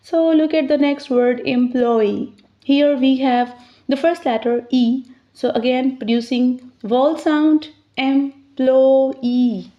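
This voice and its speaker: Slow, patient woman teaching pronunciation. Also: high voice, fairly even intonation. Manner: slows down to sound out words clearly. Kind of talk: slow, deliberate teaching explanation. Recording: slightly dull, lo-fi sound.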